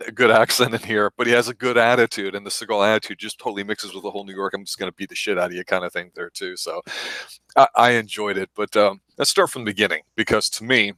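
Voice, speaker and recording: A man hosting a casual movie review podcast, telling stories with animated laughter. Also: on the low side, fast talker, dry recording. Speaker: podcast host.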